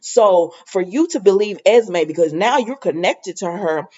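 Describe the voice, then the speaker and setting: A chatty woman recaps a daytime soap in a casual, laughing way, her voice swinging up and down with lively pitch. She keeps slipping into the characters' lines as she retells the scenes. The sound is dull and lo-fi. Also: unhurried. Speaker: soap opera recap host.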